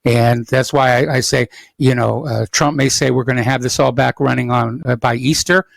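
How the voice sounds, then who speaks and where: A man's voice: medium pitch, fairly even intonation, normal speed, creaky, no room sound, rough recording. Matter-of-fact male talk radio host.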